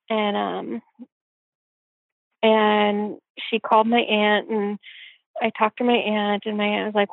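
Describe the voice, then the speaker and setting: Gravelly-voiced woman over a phone line. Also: mid-range voice, flat delivery, moderate pace, dry recording. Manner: reflective, with frequent "you know" fillers. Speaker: interview guest. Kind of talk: personal storytelling in conversation. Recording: tinny phone-line sound, dry.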